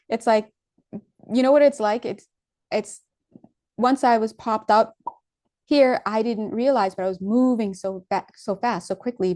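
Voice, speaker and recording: A woman with a mellow, warm voice gives a loose, casual spiritual talk to her viewers. She rambles, trails off and restarts her sentences, and breaks into giggles often. Her pitch sits in an ordinary middle range. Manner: giggly, laughs often between phrases. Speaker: spiritual teacher.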